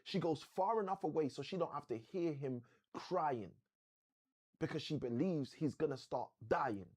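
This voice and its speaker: A man hosting a live motivational session, telling a story like a preacher with slow, dramatic emphasis. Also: fairly high pitch, lively intonation, darkish tone.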